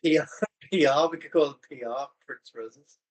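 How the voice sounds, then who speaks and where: A man's voice: a little high, normal speed, low-quality recording. A man playing in a tabletop game, rambling and giggling, with lots of fillers. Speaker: player. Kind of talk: casual tabletop game chat.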